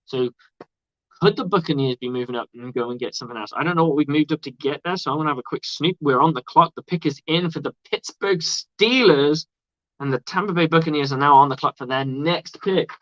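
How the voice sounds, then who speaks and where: A non-American man hosts a live stream, offering rambling, chatty sports commentary laced with swearing. His voice is a little high and fairly bright, he talks fairly quickly, and the recording is dull, dry, and lo-fi.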